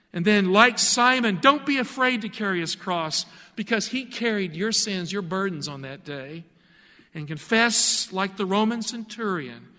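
A man's voice: high-pitched, pushed and bright, in a large hall. A man preaching a sermon in an earnest, emphatic way, asking the listener pointed questions.

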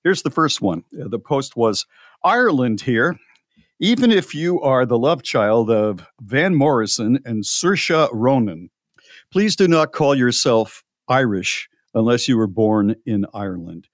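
A man's voice: mid-range voice, very animated, unhurried, no echo, clean studio sound. A man co-hosting a radio show, chatting casually and reading out listener posts with his own asides. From United States.

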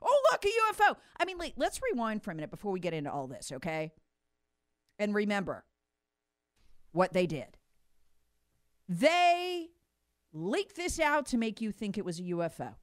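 A woman's voice: lowish voice, big pitch swings, a little fast, no room sound, studio quality. A middle-aged woman co-hosting a political talk show, emphatic and indignant, with sarcastic mock quotes. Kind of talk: political commentary chat.

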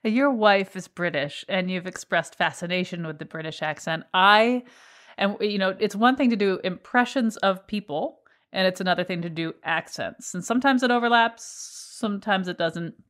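A woman's voice: medium pitch, normal speed, a bit bright. Chatty woman interviewer, gushy, rambles into her questions. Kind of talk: interview conversation.

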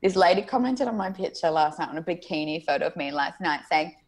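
A young Australian woman in casual chat as a guest, animated and laughing, swearing freely. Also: fairly low pitch, fast talker.

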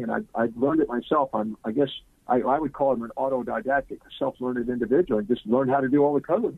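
A man, a guest on a talk program, telling a lively anecdote and acting out the quoted lines. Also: mid-range voice, no room sound. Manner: animated anecdotal storyteller, acts out quotes. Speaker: guest speaker. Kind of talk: storytelling in an interview. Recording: husky voice on a tinny phone-like line.

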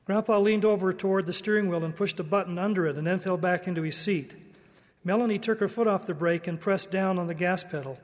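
A man giving a devotional church talk in a slow, earnest, measured way. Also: sits high, long reverb tail. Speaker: church speaker.

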